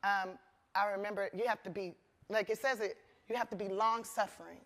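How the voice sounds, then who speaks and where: A woman comedian speaking as a guest in an onstage conversation, animated and earnest, at times emotional. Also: mid-range voice, brisk. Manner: animated, acts out voices in quotes. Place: conference stage.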